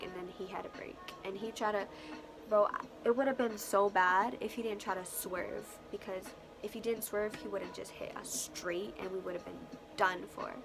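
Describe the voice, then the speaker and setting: A young woman vlogger telling a story casually, animated and profane, full of slang and acted-out quotes. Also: mid-range voice, vocal fry, background noise.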